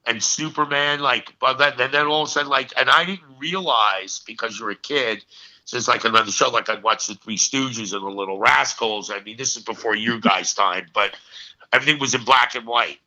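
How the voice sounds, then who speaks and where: A man in his sixties, an actor guest, telling stories as an animated raconteur who punches his lines with "okay.". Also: medium pitch, brisk. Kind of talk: storytelling in a casual interview. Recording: dull lo-fi recording.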